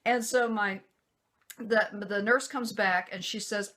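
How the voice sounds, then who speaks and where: A woman's voice: medium pitch, unhurried. A woman vlogger telling a personal story in a casual way, acting out what other people said. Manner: animated, acts out quoted voices.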